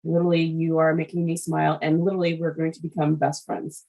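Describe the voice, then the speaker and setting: A woman hosting an interview show, chatty and frank, quick to laugh. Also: deep voice, flat delivery, creaky, dark tone, low-quality recording. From Haitian background. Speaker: podcast host. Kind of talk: casual interview chat.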